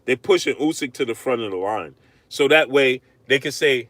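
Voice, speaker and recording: A man hosting a live-stream boxing rant, arguing hard, repeating himself and shouting out viewers. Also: medium pitch, normal speed, dry recording. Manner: animated, repetitive, argumentative, shouting out viewers. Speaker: livestream host.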